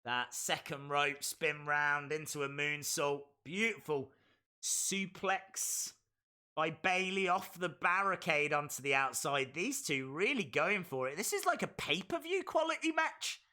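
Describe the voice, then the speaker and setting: Male streamer, excitable play-by-play host; high, very bright voice. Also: measured pace. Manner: excitable play-by-play, bursts into shouts. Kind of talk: live reaction commentary.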